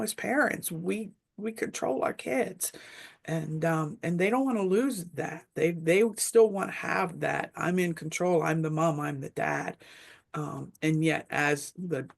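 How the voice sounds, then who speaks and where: A middle-aged woman shares her story in a casual webinar discussion. Her voice carries a gravelly, creaky edge. She talks in a reflective, meandering way, full of ums and restarts. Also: low voice. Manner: reflective storytelling with many fillers. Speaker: webinar panelist.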